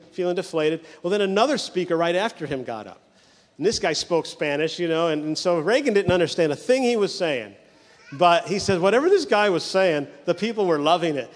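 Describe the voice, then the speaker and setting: A male pastor preaching a sermon, telling stories with quick mimicry of the people in them. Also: high voice, in a large hall.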